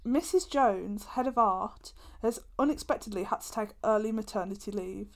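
A woman's voice: mid-range voice, normal speed. A young woman, chatting casually on a podcast and giggling while she reads old school reports aloud with a friend. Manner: giggly, jokey, reminiscing with a friend. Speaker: podcast co-host.

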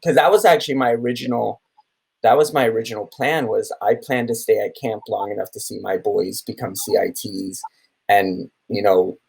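A man's voice: lowish voice, normal speed, creaky, husky, rough recording. Man in his thirties telling stories. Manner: animated storytelling with many restarts and acted quotes. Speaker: camp theater director. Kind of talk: podcast conversation.

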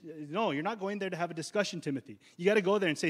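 A male pastor preaching a sermon in a conversational, urgent way, slowing down on key words. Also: high voice. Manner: conversational preaching, slows down for emphasis.

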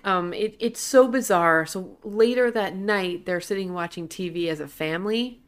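A woman's voice: mid-range voice, normal speed, clean tone. A woman co-hosting a bad-movie podcast, chatting casually with wry, mocking remarks. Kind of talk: casual chat.

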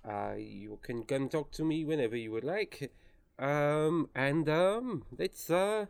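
A man voicing an upbeat, overly cheerful male flight instructor in an exaggerated comic French-German accent, halting and full of "uh"s. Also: fairly high pitch, gravelly, smooth, dry recording. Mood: formal. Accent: exaggerated, wobbly comic French-German accent. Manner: halting, many "uh"s, formal phrasing.

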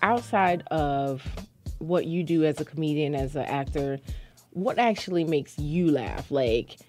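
A woman's voice: low voice, a little slow, mellow, faint music behind. A woman hosting a podcast, chatting casually and asking rambling questions with giggles. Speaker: podcast host. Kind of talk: casual interview chat.

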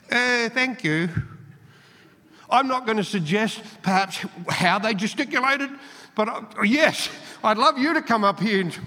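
High, bright-voiced man preaching in a hall. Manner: animated, playful storytelling with sudden drops in pitch. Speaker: pastor. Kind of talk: sermon. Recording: long reverb of a large hall.

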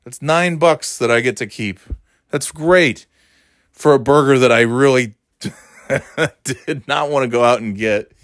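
A man's voice: mid-range voice, measured pace, no echo, clean studio sound. A man telling a casual, swear-laden anecdote, tired and exasperated, with mocking asides. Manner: animated, swearing, mocking voices in quotes. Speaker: storyteller.

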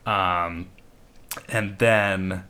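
A man's voice: deep voice, steady tone, extremely slow, pushed and bright. A man co-hosting a podcast, brainstorming a story and acting out its characters' lines. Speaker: podcast co-host. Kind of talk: casual brainstorming chat.

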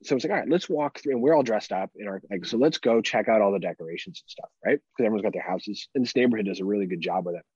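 A laid-back man in his thirties co-hosting a podcast, casually swearing and laughing as he talks. His voice is a bit low and husky, and the recording sounds dry and dull. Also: very fast, few pauses, a little mellow, dry recording. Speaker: podcast co-host. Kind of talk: casual chat.

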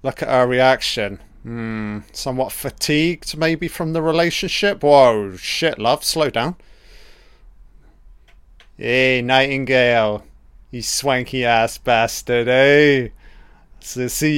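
A man's voice: mid-range voice, slow, a bit bright, clear, resonant tone, no echo, studio quality. A man giving a casual, profane audio commentary over a film, joking and talking back at the characters.

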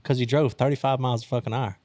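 A man's voice: medium pitch, fairly even intonation, fast talker, darkish tone, no echo. A young man from Arkansas telling a wild story in casual talk, profane and laughing as he goes. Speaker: storyteller host.

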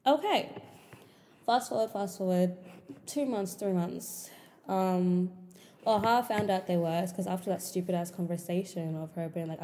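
Young woman podcast host venting a story, swears a lot, warm mellow voice, long echo. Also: moderate pace. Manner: animated, swears often, frequent pitch jumps when exasperated. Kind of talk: casual storytelling.

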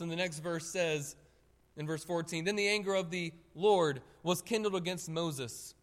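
Animated preacher man in a reverberant hall. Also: high voice, unhurried. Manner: animated, emphatic, addresses the congregation directly. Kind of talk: sermon.

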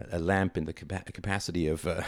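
A middle-aged man with a very low voice talks on his own show in a reflective, conversational way, leaning hard on key words. The recording is dry and close, with no room sound. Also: no room sound. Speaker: podcast host. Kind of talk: solo monologue.

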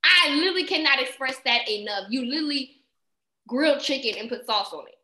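High, bright woman in casual chat. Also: fairly quick. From Houston, Texas. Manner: animated storyteller, laughs often. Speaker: podcast co-host. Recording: echoey room.

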